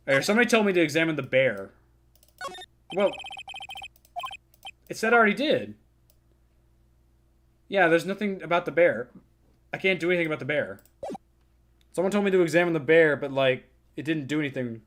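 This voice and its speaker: A man playing a video game and commenting in a crude, joking way, with loud outbursts. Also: fairly high pitch, expressive, moderate pace, long pauses. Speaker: gaming YouTuber. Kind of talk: let's play commentary.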